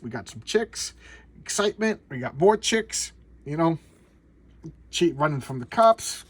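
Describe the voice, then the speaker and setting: A man's voice: fairly high pitch, big pitch swings, measured pace, long pauses, husky. A man casually recapping a comic book in a rambling, sarcastic way, with many restarts. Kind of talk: casual video commentary.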